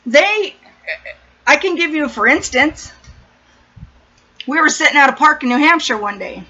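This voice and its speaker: A woman's voice: high voice, lively intonation, a little slow, bright, forceful tone. A middle-aged woman from San Diego telling a story in casual, blunt, profane chat. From San Diego, USA. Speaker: vlogger. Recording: dull lo-fi recording.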